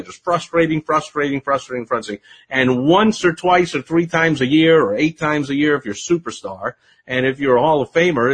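A man ranting in a casual live video outdoors by a pool, animated, swinging between loud outbursts and quiet asides. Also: a little high, breathy edge. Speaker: livestream host.

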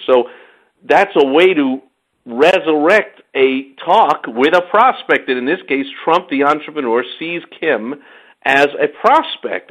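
A man hosting a casual podcast, talking in an animated, sarcastic way and speaking to the listener directly. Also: fairly high pitch, muffled recording. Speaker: podcast host. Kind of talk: casual political podcast chat.

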